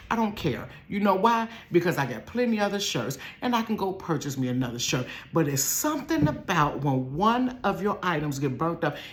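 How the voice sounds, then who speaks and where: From her bedroom, a woman from Ohio with a fairly low-pitched voice tells a storytime to her viewers. She keeps it casual and chatty, using "y'all" and "honey," and alternates between whispered asides and loud laughter.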